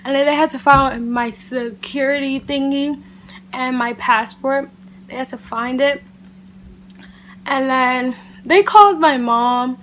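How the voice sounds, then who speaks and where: A woman vlogger telling a casual storytime to camera, animated and chatty, leaning on "like" and "literally". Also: high voice, slow pace, a little hiss or hum. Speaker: beauty vlogger.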